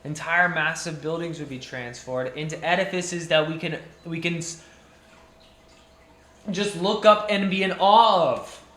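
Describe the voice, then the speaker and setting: A young man delivers a passionate rant straight to camera, circling back to repeat his points and restarting sentences as he goes. His voice is bright and forceful and sits a little high for a man. The room around him rings with a noticeable echo. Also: unhurried. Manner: passionate, ranting, repetitive restarts, emphatic repetition. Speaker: jeweller. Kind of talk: impassioned monologue to camera.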